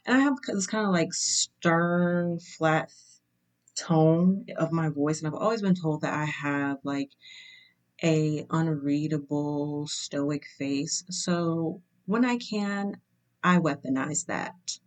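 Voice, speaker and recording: A young woman hosting her channel, telling a personal story in a casual, measured way and checking in with "right?" asides. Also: on the low side.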